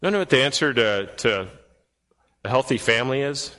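A male pastor preaching to his church, mid-pitched and punchy, leaning on rhetorical questions and dropping low and quiet for weight. His voice rings out with a long reverb from a large hall. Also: animated, normal speed. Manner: emphatic, rhetorical questions to the congregation; swings from loud and high to low and quiet. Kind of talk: sermon. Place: church sanctuary.

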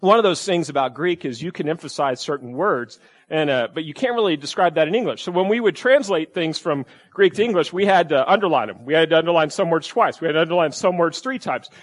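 Guy preaching a sermon, folksy and joking about himself, slightly high voice. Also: expressive, quick pace. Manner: folksy, self-deprecating storytelling. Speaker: pastor.

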